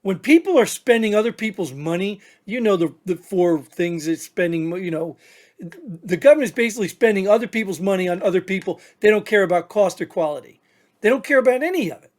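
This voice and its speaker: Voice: mid-range voice, animated, brisk. Blunt, heated veteran podcast rant. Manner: blunt, heated ranting, insulting the listener; rhetorical questions and repetition. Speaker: podcast co-host, military veteran. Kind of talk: opinionated political commentary.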